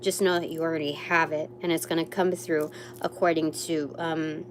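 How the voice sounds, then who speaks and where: A woman's voice: low voice, level tone, moderate pace, noisy background. A young woman doing a live tarot reading, rambling with many fillers and exclaiming over the cards. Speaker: tarot reader.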